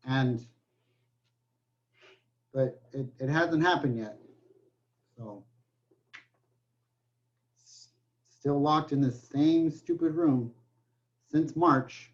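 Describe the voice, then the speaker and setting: Lo-fi audio captures a man with a fairly high voice lecturing on math, cracking jokes on the side and repeating "okay" often.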